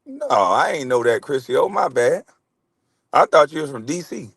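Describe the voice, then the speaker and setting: A man's voice: fairly high pitch, very animated, normal speed, fairly bright tone, slightly rough, dry recording. Profane laid-back man, dry close mic. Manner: loose, profane, laughing banter with chat. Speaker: livestream host. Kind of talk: casual livestream chat.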